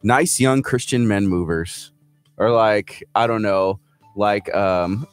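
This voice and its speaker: A man's voice: fairly low pitch, slow pace, smooth, no room sound, soft background music. A man from Houston, co-hosting a morning show and telling stories animatedly, acting out the people he quotes. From Houston, Texas. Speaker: radio co-host. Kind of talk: casual morning show banter.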